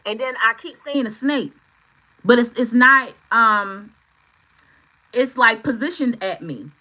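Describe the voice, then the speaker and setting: A woman reads tarot on a live stream and talks straight to her viewers. She is excitable and swears freely. Her voice sits high, swings widely and sounds bright. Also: slow, poor audio. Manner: excitable, swearing, bursts into shouts. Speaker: tarot reader.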